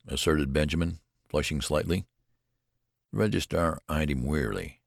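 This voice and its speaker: A man with a gravelly voice reading a story aloud in a measured, storytelling manner. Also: very deep voice, dry recording, studio quality. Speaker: narrator. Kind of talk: audiobook narration.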